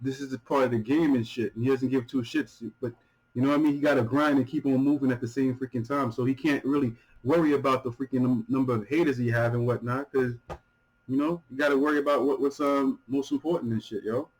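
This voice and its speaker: A man hosting a music reaction video, talking casually and excitedly, stumbling over repeated words, swearing freely and laughing often. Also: medium pitch, quick pace, rough recording.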